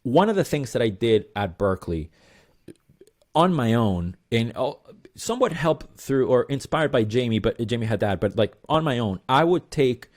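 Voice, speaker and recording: A man's voice: medium pitch, big pitch swings, moderate pace. A man in his thirties, a musician guest, telling a long rambling story in an interview with lots of fillers.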